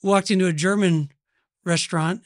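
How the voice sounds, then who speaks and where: A man's voice: high-pitched, fairly even intonation, normal speed, dry recording, clean studio sound. A middle-aged man from Oklahoma with an Oklahoma accent, co-hosting a casual podcast chat with wry, joking asides.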